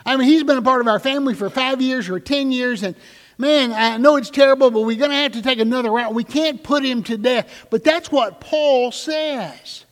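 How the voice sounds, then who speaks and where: A middle-aged man with a high-pitched voice preaching to his congregation. His words ring out with the long reverb of a large church hall. He is emphatic and often slows down to stress a point. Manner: emphatic, slows right down on key phrases, asks the congregation questions. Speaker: pastor. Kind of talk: sermon.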